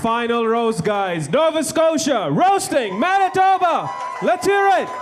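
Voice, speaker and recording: A man hosting a comedy show, loudly hyping the crowd between acts. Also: extremely high pitch, sing-song, unhurried, noisy background. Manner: loud, rousing announcer. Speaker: host. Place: comedy club stage.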